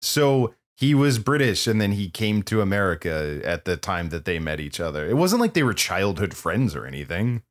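A man co-hosting a podcast, chatting casually about a movie with animated, opinionated remarks and frequent laughs. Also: deep voice, moderate pace, few pauses. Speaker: podcast co-host. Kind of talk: casual movie-review chat.

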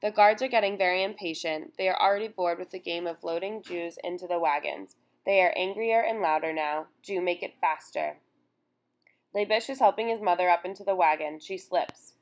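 A woman reading a first-person memoir aloud in a solemn, measured way. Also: fairly low pitch. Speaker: audiobook narrator.

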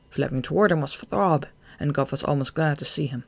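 An audiobook narrator reading a novel chapter in a measured way, slowing down at tense moments. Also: medium pitch, steady tone, vocal fry, no room sound.

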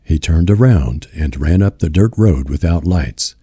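A man with a deep voice narrating a novel as an audiobook in a slow, measured reading. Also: lively intonation, warm tone, slightly rough, no room sound, clean studio sound. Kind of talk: scripted narration.

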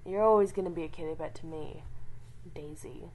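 A woman voicing a sly, teasing male warrior cat in a storybook roleplay, talking low and mocking, sometimes half-whispered. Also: brisk, darkish tone, rough recording.

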